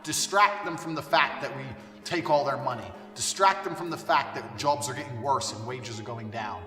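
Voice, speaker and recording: A man delivering a blunt, profane ranting monologue, his delivery forceful and swinging between loud and quiet. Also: mid-range voice, normal speed. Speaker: commentator on culture. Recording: distant, echoey room with long reverb and faint music.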